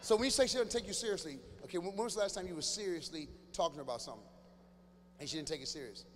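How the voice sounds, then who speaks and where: Loud high-voiced man doing stand-up. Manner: loud, animated, rapid teasing with sudden shouted bursts. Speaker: stand-up comedian. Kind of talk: stand-up riffing with an audience member. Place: large church hall before a live audience. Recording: reverberant hall with faint ambient noise.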